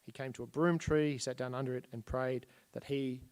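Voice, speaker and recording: A man's voice: medium pitch, steady tone, a little fast, a little mellow. A man giving a casual Bible history lesson at a church. He retells stories in plain everyday speech while pointing at slides.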